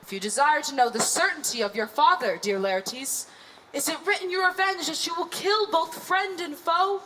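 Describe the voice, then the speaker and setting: A woman acting a calm, persuasive king in a Shakespeare staging, measured and soothing. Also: sits high, a little hiss or hum.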